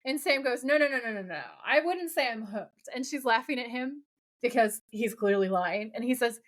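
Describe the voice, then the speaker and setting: On a podcast she co-hosts, a woman with a somewhat high voice at normal speed casually recaps a TV episode. She gets animated in the retelling and performs the characters' lines herself.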